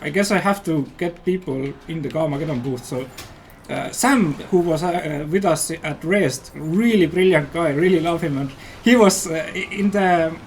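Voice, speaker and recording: Estonian-accented male dev, high and eager, faint hum behind. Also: normal speed. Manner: rambling and enthusiastic, many fillers. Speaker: game developer and guest player. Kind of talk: casual livestream chat while playing.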